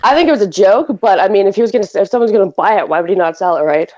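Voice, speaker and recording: A woman's voice: medium pitch, very fast, darkish tone. Woman podcast host chatting casually, giggly and rambling, kinda dull lo-fi sound. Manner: giggly, rambling, lots of fillers. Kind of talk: casual chat. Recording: slightly dull lo-fi audio.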